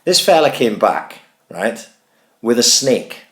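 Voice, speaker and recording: A man, co-hosting a casual podcast and telling a long, sweary, animated anecdote. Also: mid-range voice, slow pace, reverberant. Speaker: podcast co-host. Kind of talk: casual chat, storytelling.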